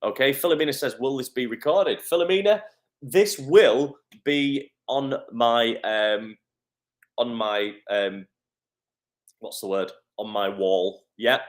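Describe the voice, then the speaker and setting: Encouraging Northern English acting coach. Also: male voice, mid-range voice, takes it slowly. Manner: energetic, encouraging, reads out viewer comments. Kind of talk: live-streamed coaching talk.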